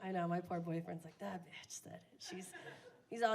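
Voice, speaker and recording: A woman's voice: medium pitch, expressive, fairly quick, gravelly, darkish tone. A young woman doing a crude, self-mocking stand-up comedy set on a bar stage, often laughing at her own jokes.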